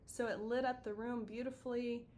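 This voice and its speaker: A middle-aged woman counselor explaining ideas in casual chat, animated and acting out little stories. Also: normal speed. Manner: animated storyteller acting out quoted voices. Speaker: counselor and podcast co-host. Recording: faint background noise with low rumble.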